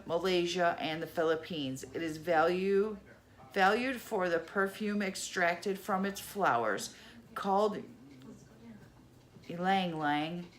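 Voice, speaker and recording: A middle-aged woman chatting casually as she unboxes a subscription box, exclaiming over each item. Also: lowish voice. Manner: chatty, exclaims over items, laughs at own mispronunciation. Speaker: unboxing vlogger.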